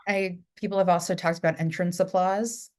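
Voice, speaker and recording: A woman's voice: lowish voice, fairly quick. A woman from New York with a New York accent, a theatre director chatting as a podcast guest and telling stories with lots of fillers. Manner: chatty, animated storytelling with frequent fillers. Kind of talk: casual podcast chat.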